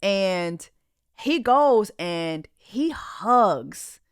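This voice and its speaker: A woman's voice: mid-range voice, animated, drawn-out words, clear, resonant tone, dry recording, clean studio sound. A woman podcast host giving blunt, indignant reaction commentary on a reality show clip in a casual, conversational way.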